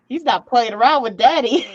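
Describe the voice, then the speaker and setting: A woman's voice: high voice, darkish tone, no echo. A woman hosting a live stream, chatting casually and teasing her guests with frequent laughter. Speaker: livestream host. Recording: dull lo-fi stream audio.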